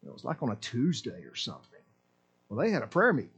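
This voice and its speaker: A man preaching a sermon with passion, swinging between loud exclamations and low, quiet asides in a repetitive, emphatic cadence. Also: huge pitch swings, quick pace, breathy edge.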